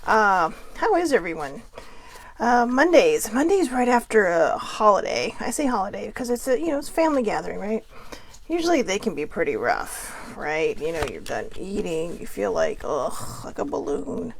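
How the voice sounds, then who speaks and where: A woman hosting her own vlog, chatting casually with frequent fillers and laughs, telling stories with lively quoted voices. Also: medium pitch, normal speed, vocal fry, a little hiss or hum. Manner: animated, lively quoting in dream story. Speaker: vlog host. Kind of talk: casual rambling chat.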